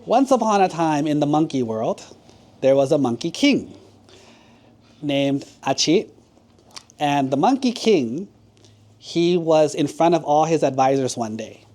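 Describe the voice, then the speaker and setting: Animated monk telling a children's story. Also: male voice, a little high, unhurried, pauses often. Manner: animated, asks the children questions.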